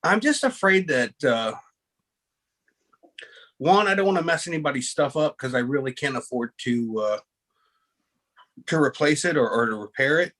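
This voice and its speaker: Rambling man with a higher voice. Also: expressive, moderate pace, pauses often, a bit bright. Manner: rambling storyteller with many restarts; self-mocking. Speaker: host. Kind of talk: casual chat on a video call.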